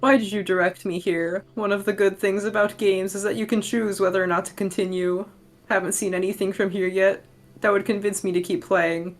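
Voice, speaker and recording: Woman player, teasing dry humor, mid pitch, faint music behind. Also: little pitch movement, brisk. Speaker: player in a group readthrough. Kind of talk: casual chat.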